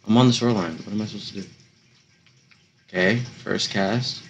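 Young man, gaming commentary, relaxed and slangy, a bit hoarse, lowish voice. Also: a little fast. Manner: laid-back, slangy, chatty. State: slightly hoarse, losing his voice. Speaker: gaming YouTuber. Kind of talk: casual gameplay commentary.

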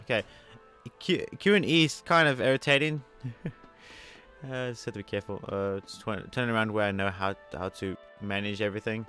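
A man narrating his play of a video game, excitable and chatty with viewers, swinging between loud outbursts and soft muttering. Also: fairly low pitch, brisk, clean tone, soft background music. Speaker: gamer. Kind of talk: let's play commentary.

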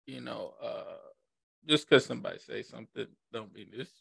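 Gravelly man leading an online class. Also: medium pitch, moderate pace, a bit bright, no echo. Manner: informal, joking, repeats himself. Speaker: class instructor. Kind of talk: casual teaching on a video call.

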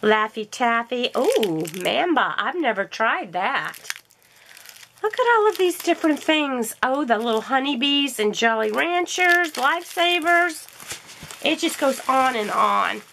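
A woman's voice: sits high, very animated, unhurried, gravelly, sharp tone, a little hiss or hum. A woman gushing and gasping with delight as she unboxes a craft haul for her vlog. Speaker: crafting vlogger.

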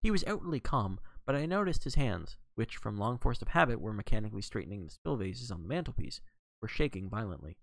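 Gravelly low-voiced man reading a novel. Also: fast, no room sound. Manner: steady reading with occasional slips and self-corrections. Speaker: audiobook reader. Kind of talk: reading a novel aloud on a livestream.

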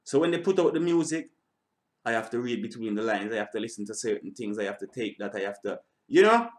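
A man's voice: fairly low pitch, quick pace. A man hosting a reaction channel, speaking in casual, rambling commentary. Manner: animated shout-outs, rambling asides.

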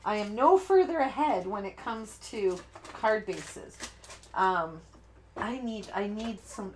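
A woman's voice: mid-range voice, slight background noise. A woman hosting a live-stream card-making tutorial, talking casually and rambling as she works, often breaking off mid-sentence and laughing at her own slips. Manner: chatty, rambling, self-interrupting, laughs at herself. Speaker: crafting tutorial host. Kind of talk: live-stream craft demonstration.

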